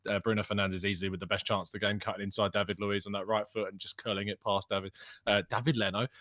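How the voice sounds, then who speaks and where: A man with a bright, forward tone talks through the first half of a football match on a livestream, relaxed and quick to laugh. His voice is dry and close, with a mid-range pitch. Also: dry recording. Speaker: co-host on call. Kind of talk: casual match analysis chat. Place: remote, watching on delay.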